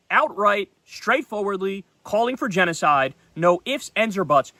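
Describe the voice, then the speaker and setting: A male political host delivers solo commentary in a blunt, heated manner with frequent profanity. His voice sits a little high and sounds bright and sharp. The recording is dry and close, with no room echo. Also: lively intonation, measured pace, few pauses. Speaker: political talk show host.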